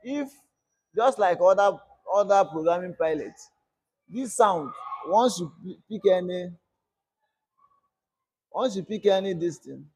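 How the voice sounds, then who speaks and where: Male coding instructor, high and husky, call-and-response teaching. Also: expressive, measured pace, pauses often, a little mellow. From Nigeria. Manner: repetitive call-and-response teaching, asks "what?" and answers himself. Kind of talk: screen-recorded coding lesson.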